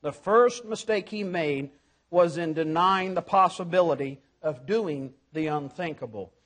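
A man with a high voice delivers a sermon. He presses his points with emphasis and often turns to his listeners with rhetorical questions. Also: a little slow. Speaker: preacher.

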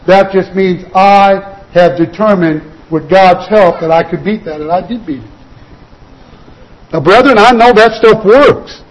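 High-voiced earnest man preaching. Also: low-quality recording. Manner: earnest exhortation with repeated "you've got to" phrases; slows and drops quieter on key points. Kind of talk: sermon.

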